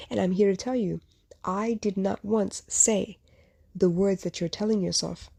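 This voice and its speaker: A woman's voice: medium pitch, fairly even intonation, measured pace, vocal fry, warm tone. A woman hosting a podcast, telling a personal story in an earnest, reflective way and speaking straight to the listener. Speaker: podcast host; mother and small business owner.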